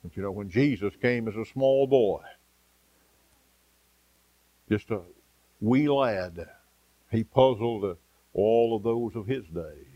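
A man preaching an evening sermon, with a rhythmic delivery that rises for emphasis and drops soft and low. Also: takes it slowly, pauses often, dry recording, lo-fi sound.

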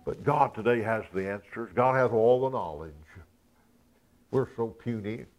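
A man preaching a sermon. He chuckles between points and swells from quiet asides to loud, raised emphasis. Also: mid-range voice, unhurried, dull audio.

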